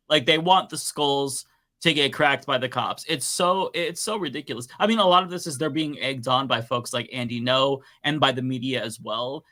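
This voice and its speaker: A man's voice: mid-range voice, normal speed, sharp tone. A man co-hosting a panel show over a video call, talking heatedly and swearing in casual chat.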